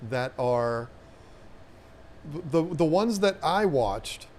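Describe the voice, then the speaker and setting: A man's voice: a little high, lively intonation, extremely slow, a little mellow, a little hiss or hum. A middle-aged man co-hosting a casual live stream with his wife, joking and rambling. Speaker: co-host.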